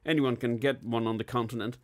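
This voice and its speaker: A man's voice: medium pitch, fairly even intonation, brisk, close to an everyday voice. A man voicing a cynical, joking junior police colleague in a steampunk audiobook. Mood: wry. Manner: jesting, pedantic.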